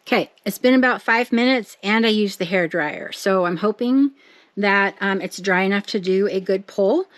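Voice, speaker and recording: A woman narrates her crafting in a casual, thinking-out-loud way, talking straight to her viewers. Her voice sits at an average pitch. Now and then she breaks into excited bursts. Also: normal speed, no echo. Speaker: craft vlogger.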